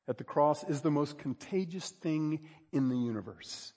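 A pastor preaching a sermon, moving between quiet asides and loud, drawn-out emphasis. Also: male voice, on the high side, expressive, slightly rough, long reverb tail. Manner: dynamic preaching, swings from hushed to loud emphasis.

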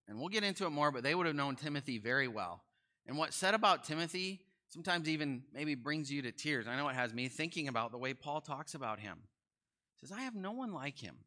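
A young man teaching a Bible study in a conversational, animated way, asking his listeners questions. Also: mid-range voice.

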